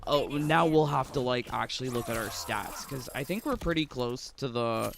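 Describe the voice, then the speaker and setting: A man's voice: medium pitch, normal speed, vocal fry, a bit bright, slight background noise. A man streaming a game and chatting casually with viewers, rambling and laughing often between remarks. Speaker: gaming streamer. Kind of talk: casual chat with live viewers.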